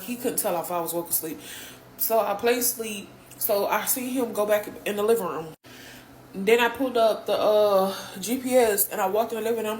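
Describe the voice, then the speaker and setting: A woman's voice: medium pitch, slight background noise. A young woman from Texas, out of breath and hurting, telling her own story in a blunt, profane, emotional way. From Houston, Texas. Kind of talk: candid story time. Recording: echoey room, voice from a distance.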